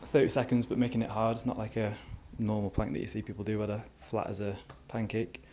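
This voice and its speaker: His voice is lowish and a little mellow, with little pitch movement, and he talks fairly quickly over slight background noise. He's a young fitness vlogger in a garden, chatting casually to camera and rambling with frequent "you know" asides.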